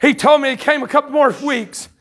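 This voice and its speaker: A man with a Southern US accent preaching a revival sermon to a congregation at a church camp meeting, telling a story that builds into fervent shouted preaching. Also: very high voice, fairly even intonation, brisk. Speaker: pastor.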